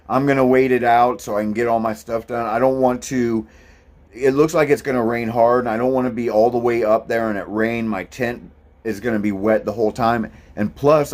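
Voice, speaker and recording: Here a male thru-hiker vlogs about his trek, his mid-range voice carrying a darkish tone. He chats casually and wanders off on tangents, relaxed and full of ums, in a loose monologue.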